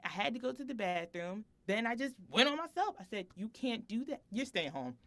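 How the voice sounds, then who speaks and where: Animated woman telling a story, lively pitch. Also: brisk, background noise. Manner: animated storytelling, acting out her son's and her own lines; laughs often between sentences. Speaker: podcast co-host. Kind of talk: casual chat.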